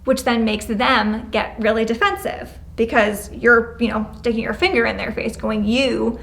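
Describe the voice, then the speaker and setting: A woman leading a classroom lesson, giving brisk, encouraging step-by-step directions and acting out example phrases. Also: fairly high pitch, steady tone, gravelly, a bit bright. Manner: acts out example phrases with changing tone. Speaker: prevention educator leading a class. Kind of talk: classroom instruction. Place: school classroom, indoors.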